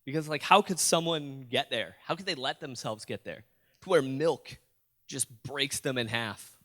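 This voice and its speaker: Animated man telling a story onstage. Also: mid-range voice, moderate pace. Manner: animated, addresses the audience with questions and jokes. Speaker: motivational youth speaker. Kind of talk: storytelling keynote speech. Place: school auditorium.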